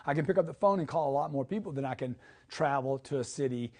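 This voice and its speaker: A middle-aged man giving a motivational sales lesson, emphatic and punchy, tagging his points with a quick "okay?". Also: mid-range voice, darkish tone. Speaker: sales trainer.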